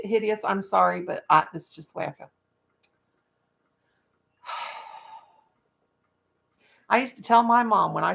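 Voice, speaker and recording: An older woman with a deeply gravelly, crackly voice rambles on in blunt, folksy chat. She talks to her viewers and her pet birds while she counts her crochet stitches aloud. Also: fairly bright tone. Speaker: livestream vlogger.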